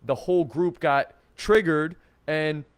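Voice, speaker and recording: Energetic, blunt young-sounding dating coach. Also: male voice, fairly high pitch, takes it slowly, clear, resonant tone, dry recording. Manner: energetic, blunt, swears and says 'like' a lot. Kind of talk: casual advice video to camera.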